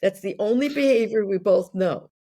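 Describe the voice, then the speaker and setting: A woman in her sixties, a podcast guest, explaining ideas through worked examples in a relaxed conversational way. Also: mid-range voice, moderate pace. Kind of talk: conversational interview.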